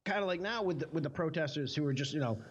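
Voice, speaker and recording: A man's voice: fairly high pitch, very fast, slight background noise. Rambling jokey podcast host, man. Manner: rambling and jokey, many filler words. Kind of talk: casual chat, storytelling. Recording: slightly muffled podcast audio.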